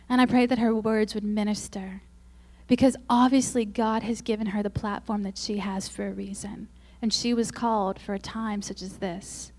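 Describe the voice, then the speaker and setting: A woman speaking at a Christian women's conference, telling self-mocking, humorous stories and acting out quoted lines in a higher, louder voice. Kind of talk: faith-based conference talk.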